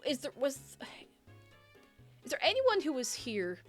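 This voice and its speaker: A woman's voice: high-pitched, huge pitch swings, unhurried, faint music behind. A woman streamer chatting casually with her viewers, rambling, giggling and poking fun at herself. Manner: rambling, giggly and self-mocking. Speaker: livestreamer. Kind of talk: casual chat reading viewer messages.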